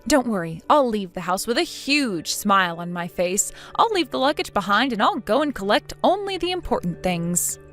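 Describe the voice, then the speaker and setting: A woman's voice: mid-range voice, big pitch swings, moderate pace, few pauses, a bit bright, soft background music. A synthetic woman's voice playing a defiant young daughter-in-law in a text-chat story, sarcastic and dismissive.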